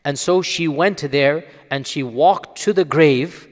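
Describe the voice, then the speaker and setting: A man's voice: fairly high pitch, takes it slowly. Earnest male scholar in reverberant room. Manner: earnest teaching tone, rhetorical questions and check-ins. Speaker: Islamic scholar answering questions. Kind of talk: explanatory religious lecture.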